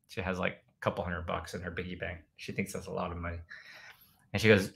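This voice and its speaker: A man with a low, gravelly voice hosts a laid-back livestream and reads out viewer comments. His tone is bright and forceful, and he rambles loosely, now and then breaking into loud chants to make a point. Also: fairly even intonation, brisk, long pauses, poor audio. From United States. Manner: bursts into loud chanting when demonstrating. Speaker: host answering viewer comments. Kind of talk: casual livestream chat.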